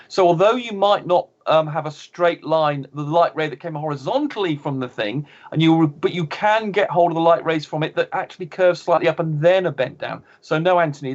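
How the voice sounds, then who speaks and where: A man's voice: a little high, lo-fi sound. A man in a heated online debate, impatient and insulting, arguing his point. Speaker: debater presenting a model.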